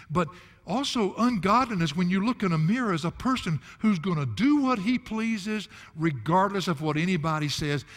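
An older man preaches in a folksy, emphatic way and breaks into chuckling asides. His voice sits a bit high for a man. It rings with a long echo in a large hall. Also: fairly bright tone. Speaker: pastor. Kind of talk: expository sermon.

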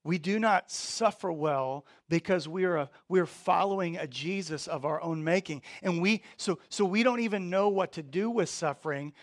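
A man preaching a sermon, earnest, often repeating words and swinging from quiet to emphatic. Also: high-pitched, normal speed, hardly any pauses, dry recording, studio quality. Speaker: pastor.

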